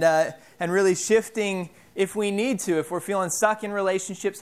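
A man in his thirties giving an informal sermon, telling stories in a halting way with many fillers and restarts. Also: high voice, clean tone. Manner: animated, self-deprecating storyteller. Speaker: preacher.

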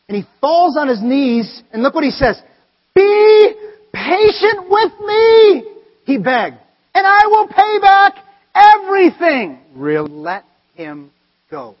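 A man preaches in a high, husky voice, moving between loud animated storytelling and quiet earnest asides. His words ring out with the long reverb of a large hall. The recording sounds dull and lo-fi. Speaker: pastor. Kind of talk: sermon.

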